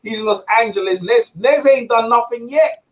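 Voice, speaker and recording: A man's voice: very high voice, normal speed, rough recording. A man hosting a casual boxing debate, ranting with lots of repeats and asides. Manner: animated, repetitive ranting. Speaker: host.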